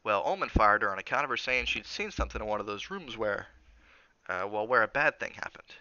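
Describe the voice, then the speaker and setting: A man's voice: fairly low pitch, animated, fairly quick, bright, forceful tone, clear, resonant tone, no room sound, highs cut off. A man reading the part of a kindly older male hotel cook, with a folksy, reassuring drawl.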